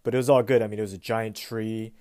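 A man hosting his own weekly podcast, telling a story in a relaxed, rambling way with fillers and restarts. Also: fairly low pitch, fast talker, dry recording, clean studio sound. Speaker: podcast host. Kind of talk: casual solo podcast storytelling. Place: Pacific Northwest US.

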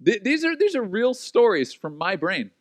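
Animated preacher man with a dry sound. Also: high voice, normal speed, dry recording. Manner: animated storytelling, acts out quoted voices. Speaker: pastor. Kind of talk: sermon.

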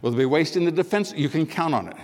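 An older American man giving a public speech, telling anecdotes, acting out dialogue and pausing for emphasis. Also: fairly high pitch, animated, darkish tone. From United States. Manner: storytelling, acts out dialogue, measured pauses for emphasis. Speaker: speaker. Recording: long hall reverb.

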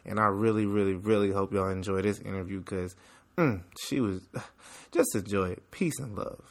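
A man with a fairly low voice opens his podcast with an upbeat intro. He talks casually and hypes up his guest. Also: moderate pace. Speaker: podcast host. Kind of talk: spoken intro to camera.

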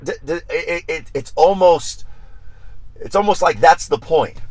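A man's voice: on the high side, measured pace, husky, no echo. Man preaching on a Bible study podcast. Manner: animated, repeats phrases for emphasis, acts out prayers and replies.

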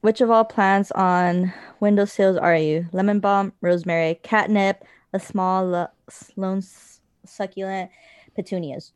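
A woman's voice: medium pitch, steady tone, a little slow, clear, resonant tone, no room sound. A young woman chatting casually over quizzes, blunt and teasing, swearing freely. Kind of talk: casual chat doing online quizzes.

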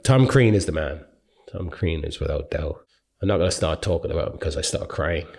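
A middle-aged Irish man and open water swimmer, speaking to students in a rambling, animated storytelling style. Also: extremely low pitch, brisk, creaky. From Ireland.

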